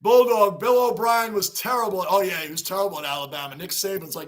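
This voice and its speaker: A man with a very high, bright voice hosts a live sports reaction stream. He talks casually to his chat, calling out scores and names, and shouts when the game heats up. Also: a little fast. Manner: excitable, shouts at big plays, reads chat names aloud. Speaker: livestream host.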